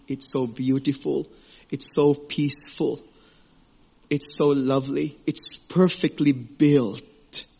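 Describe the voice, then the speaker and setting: A middle-aged man preaching a sermon in an earnest, emotional way, at times hushed and at times high and excited. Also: husky. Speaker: pastor.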